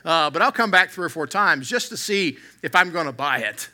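Bright-voiced preaching man. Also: fairly high pitch, expressive, fairly quick. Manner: preaching with swelling emphasis and humor. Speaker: pastor. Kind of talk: sermon.

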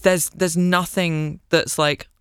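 A British woman, an English teacher, chatting as a guest in an interview, animated and self-mocking with a playful sense of humor. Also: fairly low pitch, slow, clean tone, dry recording, studio quality. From Britain. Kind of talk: casual interview chat.

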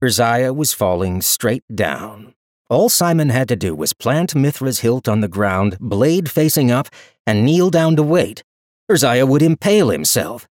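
A man narrating a fantasy audiobook in an expressive, dramatic storytelling style on a close studio mic. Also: medium pitch, a little slow, no echo. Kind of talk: scripted narration.

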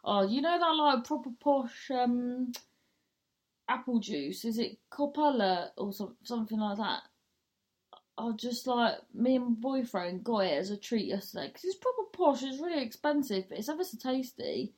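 A woman's voice: on the high side, lively intonation, normal speed, darkish tone. A young woman hosting her own podcast, rambling casually and swearing freely as she tells everyday stories. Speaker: podcast host. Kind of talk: casual monologue.

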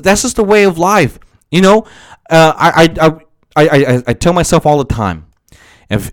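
A man's voice: mid-range voice, no echo, clean studio sound. A young man hosting a solo podcast, talking casually in a rambling, profane, self-motivating way with a strained, worn voice. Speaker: podcast host.

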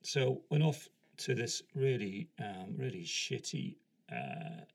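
Gravelly-voiced man telling a rambling story. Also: mid-range voice, wildly swooping pitch, slow pace. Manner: rambling, self-deprecating, acts out the other people in his story. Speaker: podcast host. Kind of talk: casual storytelling monologue.

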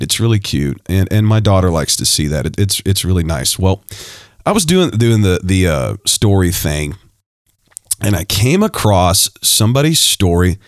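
Male podcast host, very low voice, dry close sound, rambling casual chat. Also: dry recording. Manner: animated, rambling with frequent restarts. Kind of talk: casual podcast chat reading listener messages.

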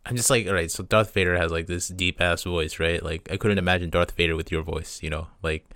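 A young man chatting casually on a podcast, relaxed and conversational. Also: low-pitched, fairly quick, dry recording, studio quality. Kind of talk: casual chat.

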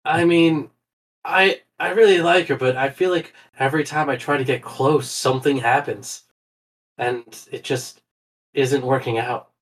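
A man playing a young starship pilot who talks haltingly about his doubts. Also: medium pitch, steady tone, lightly acted. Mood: unsure. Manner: halting, hesitant, with restarts. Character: young male starship pilot, torn and unsure.

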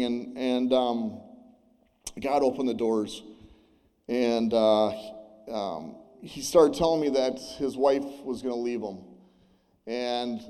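A man tells a personal faith story to a gathering, speaking earnestly and haltingly, full of restarts and fillers. His tone is mellow and dark, and his voice wavers as tears come. A long reverb from a large hall trails each phrase. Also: medium pitch. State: tearful, voice breaking. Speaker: churchgoer sharing a testimony. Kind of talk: personal testimony.

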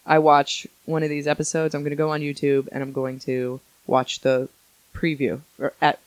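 A woman co-hosting a podcast in a casual chat, chatty and animated, often giggling. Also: sits low, normal speed, no room sound. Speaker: podcast co-host.

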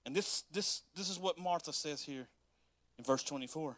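Bright-voiced animated male preacher. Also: fairly high pitch, moderate pace, no echo. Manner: animated, laughs often, acts out quotes. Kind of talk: sermon reading and explaining scripture.

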